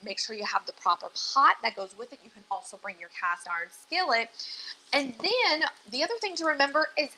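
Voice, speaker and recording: A woman's voice: sits high, lively intonation, fairly quick, sharp tone, slight background noise, low-quality recording. Chatty woman hosting a cooking stream. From Louisiana. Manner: chatty and self-deprecating, nervous but upbeat. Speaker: dietitian hosting a live cooking show. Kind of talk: live-streamed cooking demonstration.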